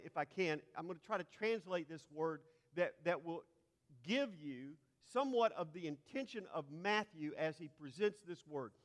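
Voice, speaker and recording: A man with a high voice preaches a teaching sermon, stumbling over repeated words as he works toward a point. He builds to forceful, emphatic peaks. His voice rings through a hall with a long reverb.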